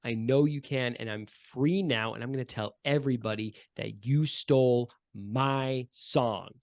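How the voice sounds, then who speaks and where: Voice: mid-range voice, measured pace, dry recording, studio quality, pitched below the performer's own voice, close to an everyday voice. A game master voicing a disembodied twin voice that needles and accuses. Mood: taunting. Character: taunting disembodied twin voice, spiteful.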